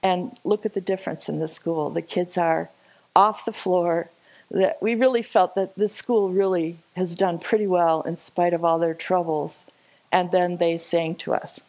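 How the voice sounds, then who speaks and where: A woman telling a lively, chatty story to a church congregation over a slideshow, laughing often. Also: on the low side, unhurried, low-quality recording. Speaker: church speaker sharing a trip slideshow. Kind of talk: casual storytelling talk. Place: church service.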